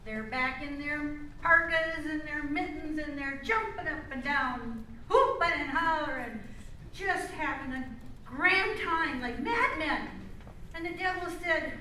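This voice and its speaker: A woman's voice: sits high, expressive, measured pace, pushed and bright. Older woman telling jokes in an echoey hall. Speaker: amateur performer. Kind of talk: folksy joke-telling on stage. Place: community hall stage. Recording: echoey hall from far off, faint noise.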